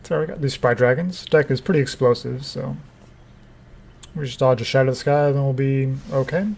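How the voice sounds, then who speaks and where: A man's voice: mid-range voice, steady tone, fairly quick, vocal fry, a little mellow. A man giving casual commentary over his own gameplay, dry and wry in his asides to the opponent.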